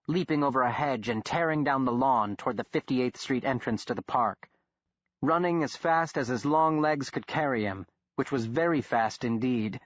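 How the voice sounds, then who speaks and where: A man narrating an audiobook in a measured, steady storytelling manner. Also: medium pitch, no echo, muffled recording. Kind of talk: scripted narration.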